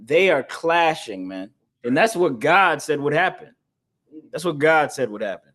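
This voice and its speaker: A man teaching a scripture class in a forceful, preaching style, repeating his points and laughing between them. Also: a little high, animated, unhurried.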